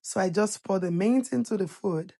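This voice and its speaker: This woman hosts a cooking channel in a warm, mid-range voice at a moderate pace. Her casual voice-over explains each step playfully, and she keeps it chatty, laughing as she teases the audience.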